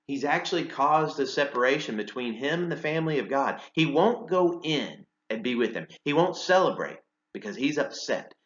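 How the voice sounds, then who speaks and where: A man's voice: mid-range voice, fairly bright tone. A man preaching a sermon in a conversational way, asking rhetorical questions and using casual fillers. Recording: roomy and slightly dull sound.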